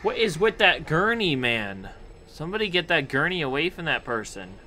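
A man's voice: on the high side, sing-song, moderate pace, sharp tone, a little hiss or hum. Jumpy young man playing a horror game. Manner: nervous, jumpy, talks to objects, screams at scares. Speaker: gaming YouTuber. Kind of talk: horror game let's play commentary.

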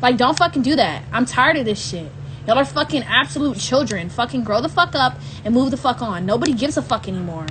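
A woman's voice: fairly high pitch, expressive, brisk, noisy background. A woman hosting a livestream, ranting angrily at her viewers with heavy swearing and repetition. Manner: irritated, heavy swearing, repeats herself. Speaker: livestream host. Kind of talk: angry rant to live viewers.

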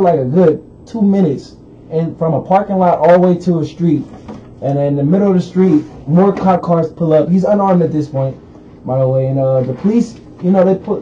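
A man's voice: a little high, dark tone. A man co-hosting a radio talk show, recounting a news story in loose, rambling casual chat with lots of fillers. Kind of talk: casual current-events chat. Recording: dull lo-fi radio recording, faint hiss.

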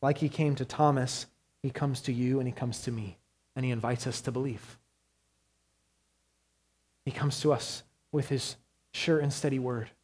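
A man preaching a sermon as pastor, earnest, moving between hushed quiet passages and raised urgent ones. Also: mid-range voice, fairly even intonation, normal speed, long pauses, husky.

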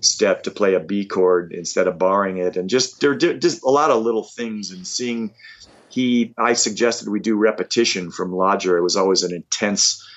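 Guy in his 50s swapping rock stories, kinda low voice, dull lo-fi sound. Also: normal speed. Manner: animated, self-deprecating anecdotes. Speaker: rock musician guest. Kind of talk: casual interview storytelling. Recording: dull lo-fi audio.

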